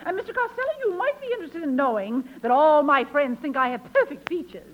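A vain, prim radio wife. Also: female voice, high-pitched, big pitch swings, fast talker. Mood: haughty. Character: vain, haughty middle-aged wife, fussing over her looks. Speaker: comic sidekick's wife. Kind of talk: 1940s radio comedy acting. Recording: dull old radio broadcast with faint hiss.

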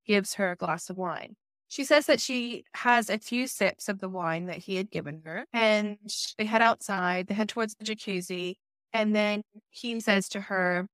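A woman hosting a podcast who reads out court testimony and discusses it in a measured, serious way. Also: mid-range voice, no room sound. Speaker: podcast host.

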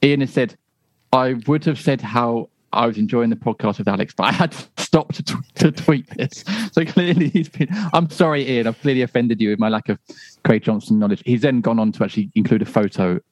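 Rambling, chuckling podcast host. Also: male voice, medium pitch, brisk, dry recording. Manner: rambling, self-correcting, chuckling. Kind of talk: casual podcast chat.

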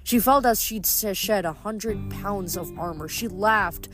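Brief: an even, measured narrator reading a novel aloud over quiet music. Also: medium pitch. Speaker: reader. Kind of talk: audiobook reading.

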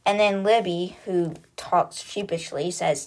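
A woman hosts a book podcast and recaps the story in a relaxed, talkative way. Her voice sits at an ordinary middle pitch, and she keeps it conversational and loose, with frequent fillers as she paraphrases. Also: normal speed. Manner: chatty retelling with lots of "like" and paraphrase. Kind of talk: casual chapter recap.

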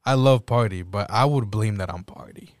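A man's voice: lowish voice, moderate pace, very noisy. A man co-hosting a casual music chat, blunt and cursing freely. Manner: blunt, swears a lot. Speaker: podcast co-host.

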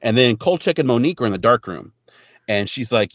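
A man's voice: on the low side, quick pace, dry recording, studio quality. A man co-hosting a podcast, joking and acting out characters as he retells a TV episode. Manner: animated, jokey, mimics characters in quotes. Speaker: podcast co-host. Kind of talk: casual episode recap chat.

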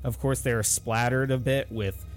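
A man's voice: mid-range voice, fairly even intonation, a little slow, a little hiss or hum. A man narrating as game master in a tabletop role-playing game, casual and descriptive with frequent fillers.

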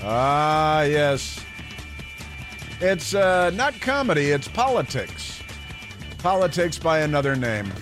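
A man's voice: fairly high pitch, sing-song, takes it slowly, pauses often, over music. A man hosting a political talk radio show, rambling and sarcastic, with mocking asides.

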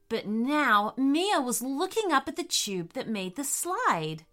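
Gentle, expressive woman storyteller. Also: high voice, takes it slowly, faint music behind. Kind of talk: bedtime story reading.

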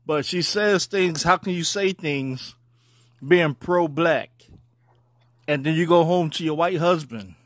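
A man calls in to a comedy podcast with a voice message, easygoing and thinking out loud. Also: a little high, slow pace, no echo, studio quality. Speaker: caller.

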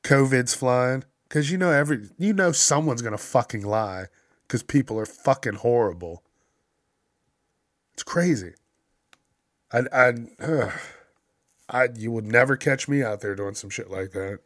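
A man's voice: mid-range voice, unhurried, long pauses, a bit bright, no echo, clean studio sound. A man hosting a casual news commentary, ranting sarcastically and swearing constantly. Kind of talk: profane casual news rant.

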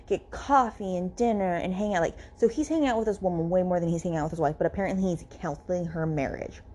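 A woman's voice: fairly low pitch, a little mellow. A woman hosting a book podcast, recapping a novel in a chatty, filler-heavy way with casual swearing. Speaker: podcast host reviewing a novel.

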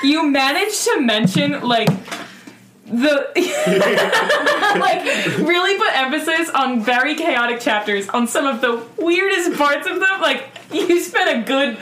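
Lively high-voiced young woman, hissy echo. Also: takes it slowly. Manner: animated, laughing, playfully argumentative. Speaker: podcast co-host. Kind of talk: casual podcast chat. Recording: echoey room with loud hiss.

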